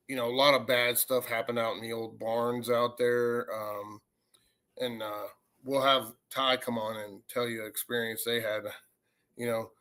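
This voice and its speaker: A man with a drawl recounts a haunting in loose, rambling storytelling. His voice is bright and forward, and he acts out the quoted lines as he goes. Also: medium pitch. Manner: rambling, animated retelling with acted quotes. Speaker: paranormal investigator. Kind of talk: casual storytelling.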